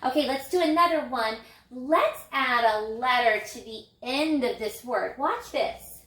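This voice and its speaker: Teacher lady sounding out letters for kids, slow and sing-songy, echoey room. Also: high-pitched, animated, fairly bright tone. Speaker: elementary reading teacher. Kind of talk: recorded phonics lesson for young children.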